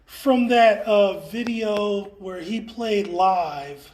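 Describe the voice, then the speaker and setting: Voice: medium pitch, very slow, darkish tone, slight background noise. An enthusiastic, chatty guide leading a casual walking tour through an indoor art gallery exhibit, with playful exclamations.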